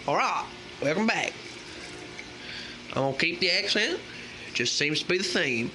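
A man's voice: high-pitched, normal speed. A man playing a folksy male fishing guide in an exaggerated, put-on Southern US country accent. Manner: folksy, animated, hammy.

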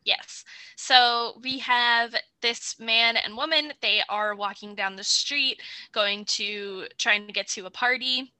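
A woman co-hosting a podcast, retelling a documentary in relaxed casual chat. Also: on the high side, slow, smooth, no room sound. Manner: relaxed storytelling with short agreements. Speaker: podcast co-host.

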